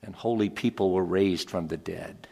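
A man preaching a dramatic sermon, swinging from hushed whispers to shouted climaxes. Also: deep voice, moderate pace, vocal fry, husky. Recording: long reverb of a large hall.

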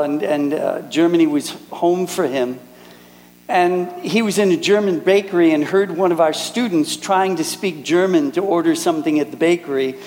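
An earnest middle-aged man from Minneapolis preaches to a congregation, his voice sitting a little high for a man. He tells stories and voices the people in them. Long reverb hangs on his words in a big hall. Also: darkish tone. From Minneapolis, United States. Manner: earnest storytelling, acts out quoted speakers. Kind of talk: sermon with personal stories.

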